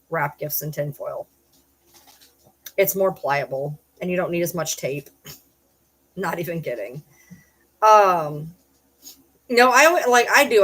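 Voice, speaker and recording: Blunt, profane middle-aged woman streamer. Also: lowish voice. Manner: blunt and profane, with loud yelled bursts. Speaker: streamer reading chat. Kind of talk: casual live-stream chat.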